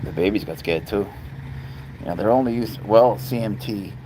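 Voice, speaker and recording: A man's voice: fairly low pitch, moderate pace, heavy background noise. A man hosting a casual livestream, rambling as he talks to his cats and answers viewers' chat. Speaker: livestream host.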